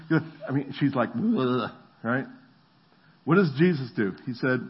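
Husky middle-aged pastor guy, lively storytelling sermon, kinda dull lo-fi audio. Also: mid-range voice, moderate pace. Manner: animated storytelling, acts out voices.

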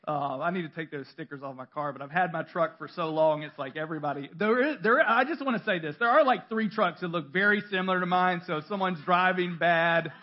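A man with a high voice delivers a sermon in a church. His style is conversational and self-deprecating, with stories, restarts and laughter. The recording is dull and lo-fi. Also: fairly quick. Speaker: pastor.

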